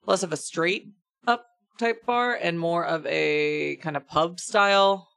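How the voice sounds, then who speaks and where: A woman narrating a tabletop game as game master, describing scenes in a relaxed, halting way. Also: low voice, gravelly, no room sound.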